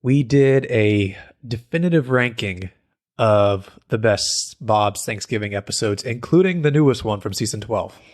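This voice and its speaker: A man's voice: fairly low pitch, animated, measured pace. A man co-hosting a podcast in casual chat, playful and punning, with a stuffed-up nose. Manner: playful, jokey, makes puns. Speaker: podcast co-host.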